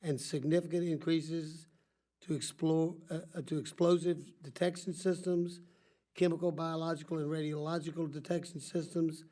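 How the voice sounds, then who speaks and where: A man's voice: fairly high pitch, little pitch movement, moderate pace, mellow. Congested older man chairing a hearing. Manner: rambling, self-correcting, folksy asides. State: congested from allergies. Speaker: subcommittee chairman. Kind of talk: formal hearing opening remarks.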